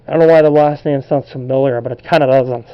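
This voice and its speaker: A young man talking casually to camera as he pages through a yearbook, relaxed and rambling, often unsure how names are pronounced. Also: medium pitch, quick pace, clear, resonant tone, highs cut off. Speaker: collectibles vlogger.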